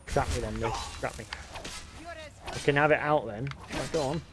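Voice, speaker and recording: A young man streaming a game live, chatting casually, swearing freely and answering his chat out loud. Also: medium pitch, moderate pace, music in the background.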